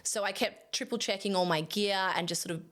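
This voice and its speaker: A young adult woman, a photographer, casually telling a story to camera in a chatty, animated way, laughing at herself now and then. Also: mid-range voice, fairly quick.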